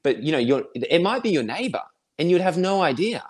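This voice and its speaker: An Australian man in his thirties, a podcast guest who thinks aloud in a relaxed, reflective way with many fillers. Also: on the high side, fairly quick, a little hiss or hum. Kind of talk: casual conversation.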